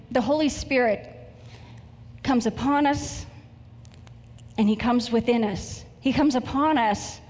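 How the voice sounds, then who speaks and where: A woman's voice: a little high, a little mellow. A woman preacher delivering an earnest, emotional sermon with prayer and stories in a church hall. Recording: echoey hall reverb.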